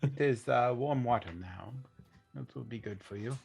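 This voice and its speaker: A man voicing a calm, spiritual male healer who speaks in a measured, formal way in a tabletop role-play. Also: medium pitch, creaky, breathy edge, faint music behind. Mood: serene. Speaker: player.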